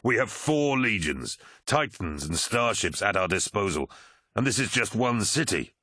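A man voicing a brutal, bloodthirsty male warrior lord in an audiobook, snarling his words slowly and with force. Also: on the low side, very animated, bright, forceful tone, slightly rough, dry recording, studio quality, voice pushed up, heavily acted. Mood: angry. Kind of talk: audiobook character voice.

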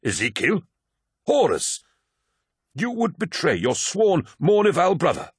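A man's voice: fairly low pitch, big pitch swings, moderate pace, fairly bright tone, breathy edge, no echo, studio quality, full character voice. A man reading an audiobook, voicing a blunt, defiant male veteran warrior with a sardonic edge. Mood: pleading. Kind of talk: audiobook character voice.

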